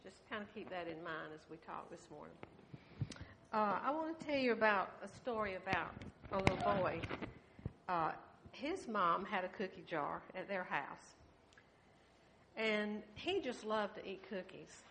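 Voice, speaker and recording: A woman's voice: mid-range voice, lively intonation, unhurried, vocal fry, noisy background. Older woman telling a children's sermon. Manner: gentle, asks the children questions. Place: church sanctuary.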